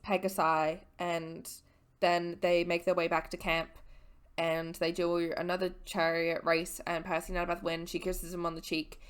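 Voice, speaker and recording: A slightly tipsy woman with a lowish voice rambles through a casual book recap. She talks in an animated, slangy way and swears freely. Her delivery is loose and chatty. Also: moderate pace, clean tone. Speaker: vlogger.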